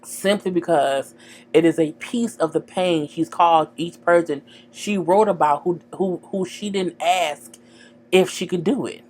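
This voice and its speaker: A woman's voice: on the low side, measured pace, a little mellow, slight background noise. A woman giving a chatty, frank recap of a TV episode, full of "girl" and "you know". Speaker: TV show recapper.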